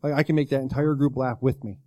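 A man's voice: medium pitch, steady tone, fast talker, mellow, dry recording. A man co-hosting a podcast, telling a rambling, self-deprecating story in casual chat and swearing now and then. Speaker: podcast co-host.

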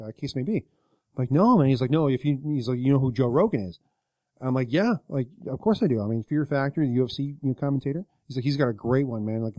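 A man talking fast in a mellow, dark tone, rambling through a long anecdote full of "like" and quoted lines. The sound is dry and close, like a small podcast studio. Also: medium pitch, dry recording. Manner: rambling retelling with many likes and quoted voices. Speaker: podcast co-host. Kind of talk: casual storytelling chat.

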